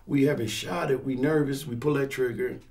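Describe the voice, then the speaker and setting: A man's voice: medium pitch, fairly even intonation, fairly quick, a little mellow, slight background noise. A man who teaches firearms classes and serves as a pastor, talking casually in an interview and acting out scenarios with quoted voices.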